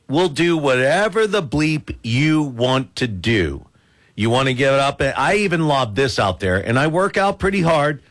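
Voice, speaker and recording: A male radio host telling stories in joking banter, poking fun at himself as a dad. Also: medium pitch. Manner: animated, joking, self-mocking dad humor.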